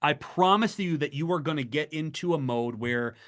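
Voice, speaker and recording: A man's voice: fairly high pitch, moderate pace. A middle-aged man presenting a fundraising webinar, speaking emphatically and urging his listeners on. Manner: emphatic, exhorting, animated. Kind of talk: motivational webinar talk.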